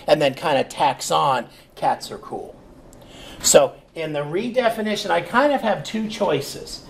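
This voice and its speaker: A man teaching programming in a relaxed, screen-recorded lecture, thinking aloud with fillers and checking in with "okay?". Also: a little high, creaky, a little hiss or hum. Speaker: programming instructor.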